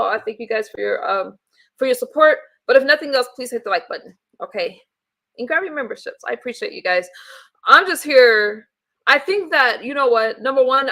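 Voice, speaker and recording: A woman's voice: fairly high pitch, a bit bright. A woman hosting a casual livestream, reacting defensively and bluntly to critics and swearing often. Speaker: streamer reacting to commentary.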